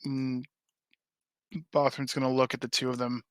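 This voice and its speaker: A man's voice: mid-range voice, completely flat delivery, moderate pace, fairly bright tone, no echo. A man running a tabletop game as game master, narrating casually with a rambling, apologetic manner.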